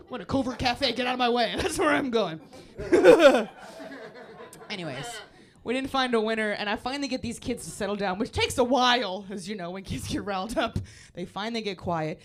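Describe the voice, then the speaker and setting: A woman's voice: fairly high pitch, slight background noise. Giggly woman doing stand-up. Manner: animated, giggly, squeals when acting out kids. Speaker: stand-up comedian. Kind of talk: live stand-up set. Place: comedy club stage.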